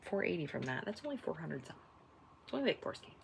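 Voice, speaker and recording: A woman hosting a knitting podcast, chatting casually and self-deprecatingly, often trailing off into soft asides. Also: low-pitched, very animated, fast, creaky, slight background noise. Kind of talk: casual stash-tracking chat.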